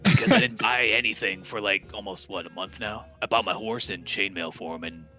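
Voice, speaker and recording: A man's voice: on the low side, brisk, pushed and bright, faint music behind. A man playing a tabletop game, upbeat and pushing the group along. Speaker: player.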